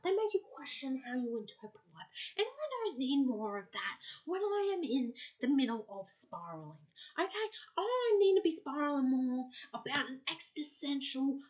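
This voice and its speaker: A woman hosting a solo podcast, ranting and lecturing with exasperation, tagging lines with a pointed "okay?". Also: high voice. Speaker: podcast host. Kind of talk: solo monologue to listeners.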